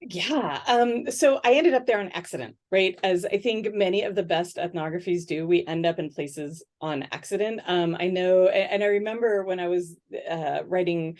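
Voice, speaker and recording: A middle-aged woman sociologist answering interview questions in a thoughtful, conversational way, often pausing with "um" and checking in with "right?". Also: fairly low pitch. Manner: thoughtful, many "um"s and "right?" tags, animated when quoting others.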